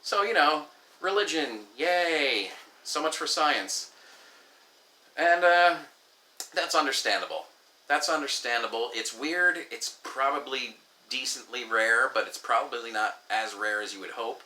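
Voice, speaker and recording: A man telling a story for his vlog in a candid, rambling way, often restarting and going off on asides. His voice is very bright and sharp, with a middling pitch. The recording carries a noticeable room echo. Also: a little slow. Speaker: vlogger. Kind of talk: casual storytelling monologue. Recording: echoey room.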